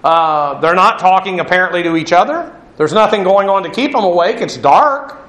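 Man, high voice, Bible lecture, Greek word study, echoey room. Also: animated, normal speed, a bit bright. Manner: explanatory, spells out Greek words letter by letter. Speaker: Bible teacher.

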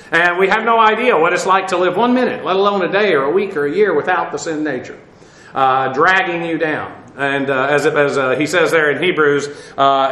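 A man teaching a Bible passage verse by verse, halting with many fillers and spelling out Greek words letter by letter. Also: a little high, bright, forceful tone, roomy sound, low-quality recording.

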